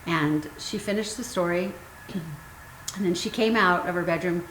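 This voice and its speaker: A woman's voice: fairly low pitch, fairly bright tone. A woman in her fifties, a guest author telling her personal story candidly and emotionally. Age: 50s. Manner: earnest, emotional, pauses with ums. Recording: roomy sound with faint noise.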